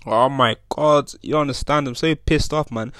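A man's voice: medium pitch, moderate pace, fairly bright tone, no echo. A young man with talking in a casual solo podcast, rambling and swearing a lot. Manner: rambling, swears a lot, keeps asking "you know what I'm saying". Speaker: podcast host. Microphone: own podcast mic.

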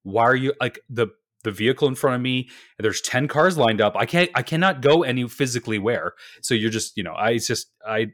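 A man's voice: medium pitch, lively intonation, a little fast, hardly any pauses, fairly bright tone, dry recording, clean studio sound. A man co-hosting a podcast, telling stories in a profane, exasperated rant. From Canada. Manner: profane, ranting, exasperated storytelling. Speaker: podcast co-host. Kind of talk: casual chat.

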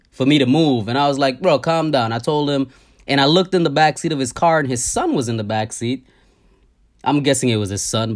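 A man tells a story on a podcast in a casual, animated and profane way, often repeating himself. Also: medium pitch. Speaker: podcast host.

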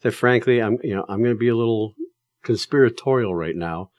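A man's voice: fairly low pitch, fairly quick, a little mellow, no room sound, studio quality. A man giving casual, emphatic advice to drivers, telling stories in a plain-spoken way with plenty of fillers.

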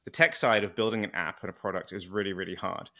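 Bright-voiced British man hosting a podcast. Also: low voice, fairly even intonation, fast talker. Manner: friendly, enthusiastic, loose with small restarts. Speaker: podcast host. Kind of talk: casual interview chat.

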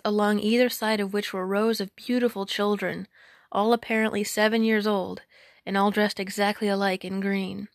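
A woman narrates an old folk tale at an even, measured pace, leaning into its drama. Her mid-pitched voice carries a gravelly fry at the ends of phrases. It sounds close and dry, with no room echo. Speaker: storyteller. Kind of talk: storybook narration.

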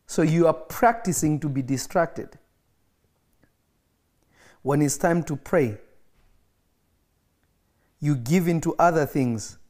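A man's voice: a little high, slow pace, long pauses, a little mellow. A man preaching an emphatic livestreamed sermon, repeating phrases for effect, with coughs and laughs between points.

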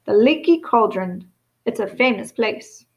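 A woman's voice: on the high side, animated, a little slow, darkish tone, highs cut off. A woman doing a big homely giant. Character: huge gruff male groundskeeper giant.

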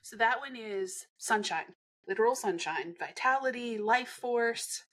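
Husky, dryly teasing woman guest. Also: a little high, lively intonation, a little slow, a bit bright. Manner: blunt, dryly teasing explainer. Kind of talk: casual chat.

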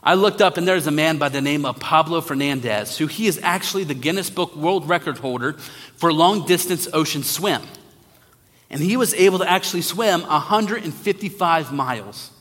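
A man's voice: fairly high pitch, expressive, a bit bright. Earnest male preacher in a reverberant hall. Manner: earnest preaching with slow emphatic repetitions. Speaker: online minister. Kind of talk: sermon.

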